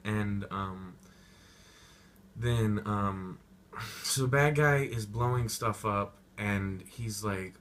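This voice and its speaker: A man's voice: fairly low pitch, slow, fairly bright tone, a little hiss or hum. A young man giving a rambling, profane casual movie review, full of slang and goofy asides.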